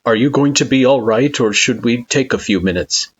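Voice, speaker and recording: A man's voice: medium pitch, moderate pace, husky, pitched above the performer's own voice, natural voice. A man voicing a formal, clipped young spirit who comforts their partner in an audio storybook. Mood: gentle. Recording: dull lo-fi recording.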